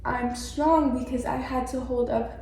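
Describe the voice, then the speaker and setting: A seventeen-year-old girl telling her story to an interviewer in an earnest, halting way, often restarting her sentences. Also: sits high, steady tone, gravelly, mellow. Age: teens. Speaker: interview guest. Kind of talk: candid personal interview. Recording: very echoey room with faint background noise.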